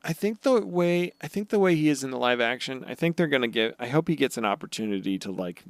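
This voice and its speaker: Animated young man recapping a show. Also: fast, dry recording. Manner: animated recapper who acts out characters in high silly voices. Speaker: podcast co-host. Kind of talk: casual podcast chat.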